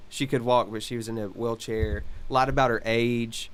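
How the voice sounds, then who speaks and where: A man co-hosting a podcast, telling a story in a halting way with many fillers. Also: mid-range voice, steady tone, clean tone. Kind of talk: casual chat.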